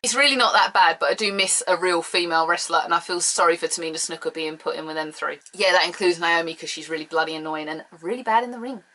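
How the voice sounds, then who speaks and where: A woman's voice: fairly low pitch, quick pace, few pauses, pushed and bright, rough recording. A British woman from the UK giving a casual solo review, blunt, sarcastic and opinionated. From United Kingdom. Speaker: show reviewer.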